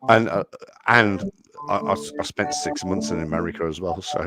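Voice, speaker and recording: A man's voice: deep voice, moderate pace, loud music behind the voice. A British man hosting a livestream and chatting casually, rambling and tripping over his words. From Britain. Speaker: livestream host. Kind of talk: casual chat.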